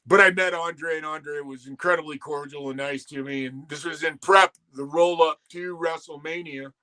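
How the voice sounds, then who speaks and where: With a fairly high pitch and a steady, sharp tone, a sixtysomething former wrestler talks at a moderate pace. He's a guest telling casual, rambling stories laced with salty language, acting out what other people said.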